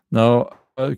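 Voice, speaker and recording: A man with a non-native English accent, hosting a casual livestream and answering chat comments in a halting way, with many fillers and frequent chuckles. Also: darkish tone, no room sound. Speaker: channel host answering live chat.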